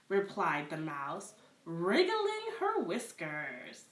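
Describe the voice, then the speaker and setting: A woman reading picture books aloud to children at story time, expressive and encouraging. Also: low voice, slow, recorded from a distance. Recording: roomy echo, away from the mic.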